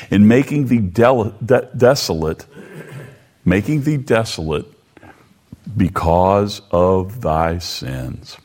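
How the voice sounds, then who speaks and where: A man's voice: on the low side, a little mellow. A man preaching a sermon, reading scripture and repeating phrases as he explains them. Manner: slow and deliberate, reading scripture aloud with commentary.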